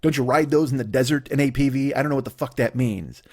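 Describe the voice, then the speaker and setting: A man's voice: medium pitch, fast, a little mellow. A man in his forties from the United States doing a solo comedy podcast, ranting profanely and slipping into mocking put-on voices. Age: 40s. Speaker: comedian host.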